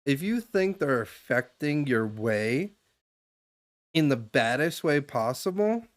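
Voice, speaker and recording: Slow and sing-song, with a medium-pitched voice, this young man is streaming live and casually advising a stranger. His talk rambles on at length, loose and packed with fillers and false starts.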